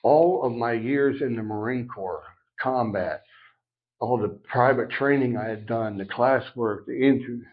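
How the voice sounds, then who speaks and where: A middle-aged man on a podcast telling a personal recovery story, animated and acting out each side of the dialogue. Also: mid-range voice, unhurried. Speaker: podcast guest. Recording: dull lo-fi sound.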